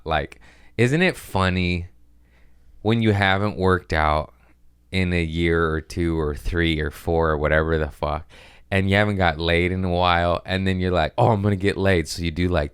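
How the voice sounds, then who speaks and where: A deep-voiced man rambles through a casual podcast monologue, peppered with profanity and self-mockery. His voice is smooth and resonant. The sound is dry and close, with no room around it. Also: fairly bright tone, dry recording. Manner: profane, self-mocking, drifts between quick asides and mumbled lines. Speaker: podcast host.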